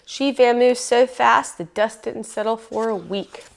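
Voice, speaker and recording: A woman reading a picture book aloud in a lively, folksy storytelling manner. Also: a little high, unhurried, vocal fry.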